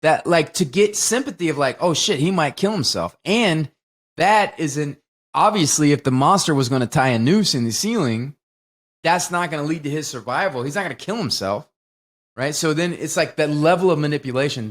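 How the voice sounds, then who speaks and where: Excitable higher-voiced man. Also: moderate pace. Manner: animated, profane retelling of scenes. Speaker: podcast co-host. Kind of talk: casual film discussion.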